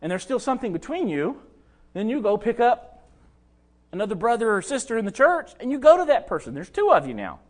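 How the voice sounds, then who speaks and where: A man's voice: high-pitched, big pitch swings, a little fast. A pastor preaching a sermon, talking conversationally and addressing his listeners directly.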